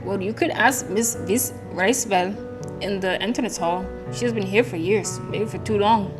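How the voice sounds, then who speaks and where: A woman's voice: mid-range voice, measured pace, over music, natural voice. A woman reading a tired asylum caretaker. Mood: resigned. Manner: plain explanatory reading.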